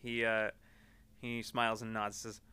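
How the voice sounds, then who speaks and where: A man narrating a tabletop game as game master in a relaxed, descriptive way. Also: lowish voice, unhurried, clean tone.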